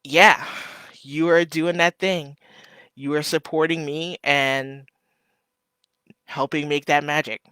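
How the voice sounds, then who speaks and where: Bright, heartfelt livestream host. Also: mid-range voice, fairly even intonation, slow, pauses often, smooth, no echo. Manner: rambling and heartfelt, full of ums and shout-outs. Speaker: small shop owner hosting a live stream. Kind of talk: casual livestream chat to viewers.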